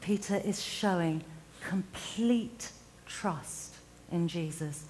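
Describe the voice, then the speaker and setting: A woman preaching a reflective sermon, retelling a scripture story with slow, emphatic pauses. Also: lowish voice, darkish tone, low-quality recording.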